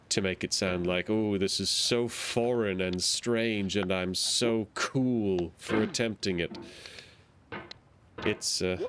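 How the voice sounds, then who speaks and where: A man's voice: lowish voice, noisy background. A man streaming a game, rambling casually and playfully and making silly sound effects between thoughts. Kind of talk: casual gameplay commentary.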